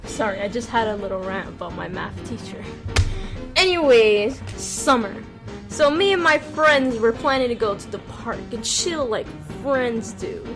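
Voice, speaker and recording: A young woman narrating a casual storytime in a ranty, sarcastic way. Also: a little high. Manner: ranty, sarcastic, jumps into loud acted quotes.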